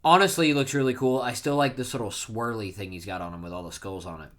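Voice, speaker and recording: A man in a middle register talks through a manga chapter as a casual reaction. He jumps to loud, emphatic bursts whenever he reads a character's line aloud. His delivery rambles, with restarts and quick self-corrections. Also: mid-range voice.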